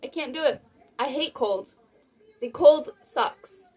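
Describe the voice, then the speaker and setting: A young woman chats through a casual Q&A vlog with a slightly high voice. She sounds bubbly and rambling and giggles easily at her own jokes. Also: takes it slowly, darkish tone. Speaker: vlogger. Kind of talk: casual Q&A chat.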